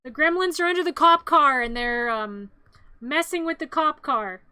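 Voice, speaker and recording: A woman streamer giving a comedic movie recap, playful, jumping into loud excited outbursts. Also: high voice, moderate pace, no echo.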